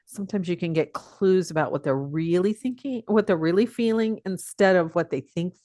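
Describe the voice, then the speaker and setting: A woman's voice: lowish voice, normal speed, dark tone, no room sound. Older lady guest on a podcast, thoughtful, chuckly, super dry close sound. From Pacific Northwest. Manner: reflective, chuckles often while telling stories. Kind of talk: casual interview conversation.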